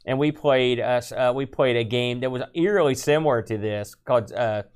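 A man's voice: mid-range voice, fairly quick, smooth. A man co-hosting a podcast in casual chat, rambling with dry, self-mocking sarcasm. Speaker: podcast co-host.

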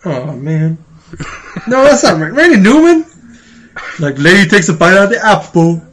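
A man's voice: high-pitched, big pitch swings, normal speed, fairly bright tone. A man co-hosting a casual podcast, joking around and breaking into mock singing. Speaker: podcast co-host. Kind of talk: casual banter with joke singing.

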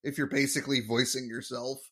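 A man's voice: medium pitch, level tone, a little fast, fairly bright tone. A young man hosting a podcast, rambling casually through an episode recap with fillers and laughs. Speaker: podcast host.

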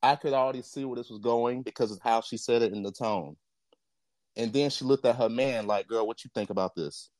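A man's voice: mid-range voice, fairly even intonation, fairly quick, darkish tone, no room sound. A man co-hosting a podcast, talking in a blunt, profane and impassioned casual rant. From Jamaica. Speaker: podcast co-host.

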